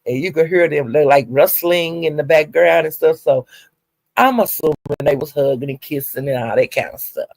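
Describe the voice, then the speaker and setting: A woman's voice: low-pitched, moderate pace, creaky, darkish tone, no echo. A woman casually recounting gossip, chatty and profane with laughing asides. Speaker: gossip vlogger.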